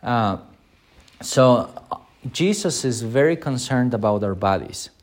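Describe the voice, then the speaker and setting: A man's voice: medium pitch, animated, unhurried. A man, a pastor, teaching an unscripted Sunday School Bible lesson, with many filler sounds and quoted lines acted out in a raised voice.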